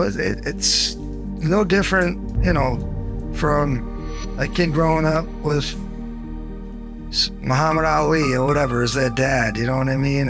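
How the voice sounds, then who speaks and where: A gravelly-voiced man recounts his story for a documentary, lively and chuckling as he acts out what everyone said. Soft music plays underneath him. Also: fairly high pitch. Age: 50s. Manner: animated, acts out quoted dialogue, chuckles between beats. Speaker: interviewee, former champion.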